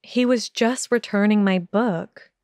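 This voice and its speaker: A woman voicing a sharp-tongued, indignant teenage witch, clipped and defiant, in a fan audiobook. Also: medium pitch, slow pace, no room sound, studio quality.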